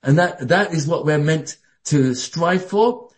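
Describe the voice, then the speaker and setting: High-voiced man giving a lively sermon. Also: slow. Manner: animated, acts out quoted voices, frequent restarts. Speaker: Torah teacher.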